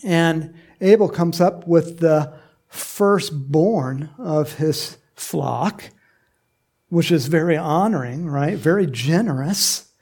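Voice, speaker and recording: A man delivers a sermon in a loose, conversational way, slipping into playful acted voices. His voice is gravelly and a touch husky, pitched a little high for a man. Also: slow, a little mellow. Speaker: pastor.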